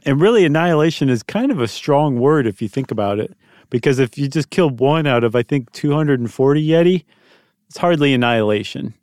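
A man co-hosting a podcast, telling a story in a relaxed, joking way at a middling pitch. He is recorded close in a dry studio, with no room sound at all. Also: brisk, no echo. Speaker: podcast co-host. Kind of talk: casual podcast chat.

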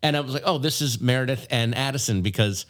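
A man's voice: mid-range voice, quick pace, a bit bright. A man co-hosting a casual podcast chat, teasing and telling anecdotes with dry asides. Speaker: podcast co-host.

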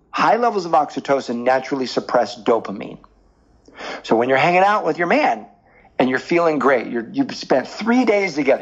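A man being interviewed as a dating coach, explaining with lively stories and examples. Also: on the high side, highs cut off. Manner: animated storyteller, explains with examples. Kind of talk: podcast interview.

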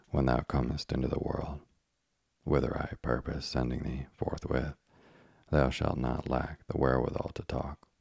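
A man reading an audiobook, voicing a stern, scheming old witch woman who speaks in archaic phrases, with a husky, half-whispered edge. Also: very deep voice, darkish tone, no echo, clean studio sound, exaggerated voice.

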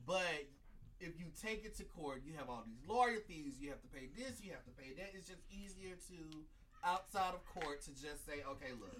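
A man's voice: fairly high pitch, lively intonation, moderate pace, a bit bright, distant mic, rough recording. Curious man with faint room noise. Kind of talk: casual chat.

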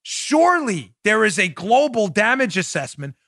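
A man hosting a political podcast, delivering sarcastic, mocking commentary in an animated way. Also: sits high, normal speed, no echo, studio quality. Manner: mocking, animated, laughs at own jokes. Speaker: podcast host.

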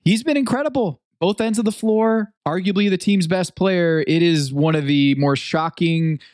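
A man's voice: sits high, moderate pace, darkish tone, no echo, studio quality. A man co-hosting a casual sports talk show, enthusiastic as he talks up players.

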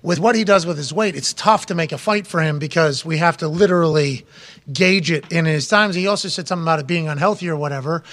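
A man hosting a casual sports talk show, animated and joking. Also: fairly high pitch. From Pittsburgh area. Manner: animated, joking, quick bursts. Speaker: sports podcast host.

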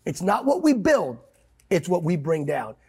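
Gravelly, high-pitched preaching man. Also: very animated, a little slow, darkish tone. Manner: emphatic, quotes scripture, swings pitch widely. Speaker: pastor guest. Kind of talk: impassioned preaching in conversation.

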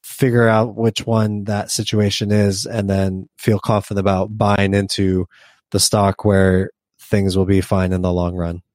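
A man's voice: lowish voice, flat delivery, a little slow, darkish tone, no echo. A man co-hosting a podcast, talking casually with frequent restarts and fillers. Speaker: podcast co-host. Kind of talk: casual investing discussion.

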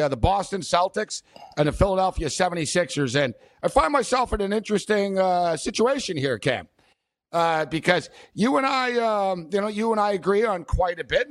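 A man's voice: high-pitched, no echo, studio quality. A man hosting a sports betting talk show, rambling casually with many fillers.

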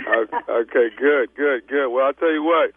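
A man making a prank phone call as a fake travel agent, stammering and feigning calm composure. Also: mid-range voice, moderate pace, breathy edge, no room sound. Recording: tinny phone line.

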